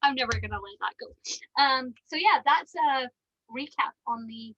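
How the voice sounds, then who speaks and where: Bright, giggly woman podcast host. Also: high voice, normal speed, highs cut off. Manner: giggly, chatty, lots of ums. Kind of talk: casual podcast chat.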